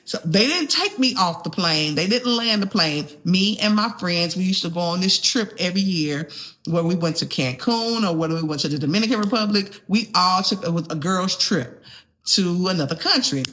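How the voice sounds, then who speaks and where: Bright-voiced woman podcast host. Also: fairly low pitch, expressive, moderate pace. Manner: chatty, conversational storytelling. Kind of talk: casual chat.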